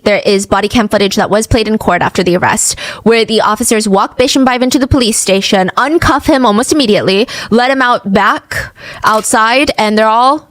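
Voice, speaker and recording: Woman, true crime host, chatty storytelling, acts out quotes, higher-pitched voice. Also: no echo, rough recording.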